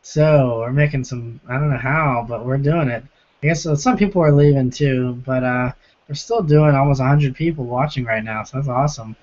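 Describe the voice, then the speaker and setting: A hoarse young man with a sore, rough throat hosting a casual live-stream Q&A from home, chatting as he reads out and answers viewer comments. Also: medium pitch, moderate pace, a little mellow. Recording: lo-fi stream audio.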